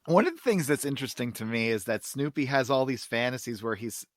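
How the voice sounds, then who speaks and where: Podcast host, man, average pitch, reads strips aloud with energy. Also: expressive, fairly quick, dry recording, studio quality. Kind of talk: casual chat and reading comic strips aloud.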